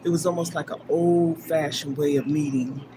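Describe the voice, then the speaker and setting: An older woman hosting a live stream, telling a personal story in a rambling, emphatic way, from loud bursts down to near-whispers. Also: deep voice, steady tone, moderate pace. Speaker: livestream host. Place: gym. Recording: livestream with clear background noise.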